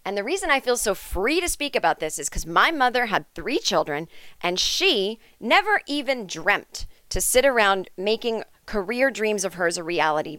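A woman's voice: mid-range voice, a bit bright, no echo, studio quality. A woman hosting a comedic podcast, ranting in a sarcastic, indignant and profane way. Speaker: podcast host. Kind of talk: comedic rant monologue.

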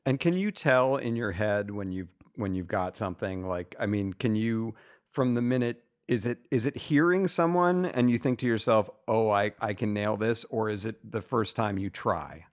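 A man's voice: fairly low pitch, normal speed. A man hosting a casual interview, asking long, rambling, enthusiastic questions. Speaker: podcast host.

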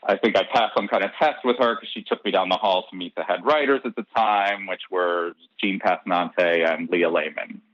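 At normal speed with few pauses, an interview guest recounts a personal story, animating the dialogue he quotes and breaking into laughs. His fairly low voice comes through a dry, dull, slightly lo-fi recording with no echo.

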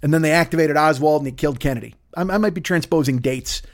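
Profane ranting man, high voice. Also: fast. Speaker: podcast host. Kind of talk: profane comedic rant.

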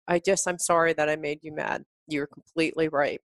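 A woman hosting a casual conversation, telling a personal story in a lively way and murmuring agreement often. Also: low-pitched, a little fast, dry recording.

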